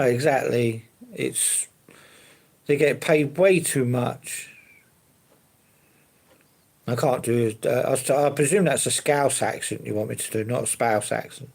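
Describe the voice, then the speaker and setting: Gravelly man chatting live. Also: mid-range voice, a little mellow. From London. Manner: easygoing, rambling, fillers and hedges like to be honest. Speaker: live streamer. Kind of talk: casual live chat answering viewers.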